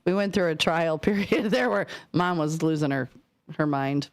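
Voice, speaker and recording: A middle-aged woman co-hosting a radio show, teasing and quick to laugh in casual banter. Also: low-pitched. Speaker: radio co-host. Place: radio studio.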